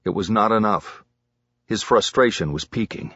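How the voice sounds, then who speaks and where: Man, audiobook narrator, measured and dramatic, dry booth, muffled recording. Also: lowish voice, fairly bright tone, no room sound.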